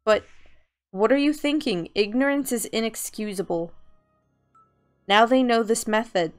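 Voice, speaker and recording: A woman voicing a stern, calm man who gives firm instructions in a game reading. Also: fairly high pitch, a little slow, soft background music, lightly acted.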